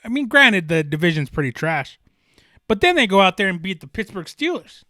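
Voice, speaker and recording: A young man riffs through a solo sports podcast, his voice bright and a touch high. He talks with fervent emphasis, circling back and restarting his thoughts. The sound is dry and close. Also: sing-song, brisk, dry recording. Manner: passionate, emphatic, rambling with restarts. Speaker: podcast host.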